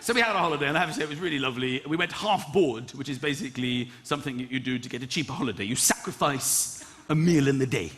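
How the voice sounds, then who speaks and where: A man doing a stand-up comedy routine on stage and hosting, animated, breaking into loud acted-out voices. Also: medium pitch, fast talker. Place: comedy stage, live audience. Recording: live audience noise.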